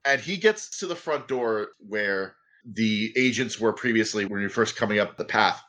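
A man with a bright, forceful voice runs a tabletop game as its game master. He narrates the scene in a relaxed, conversational way and laughs often. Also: lowish voice, moderate pace. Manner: laughs often, acts out characters.

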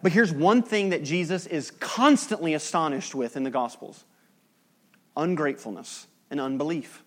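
A man preaching a sermon as pastor. He talks conversationally, drops in joking asides, and moves between loud emphasis and hushed, solemn passages. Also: on the high side.

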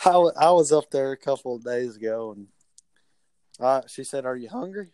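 Mellow-voiced young man. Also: mid-range voice, moderate pace, smooth, dry recording. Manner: rambling, easygoing storyteller. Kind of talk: casual chat.

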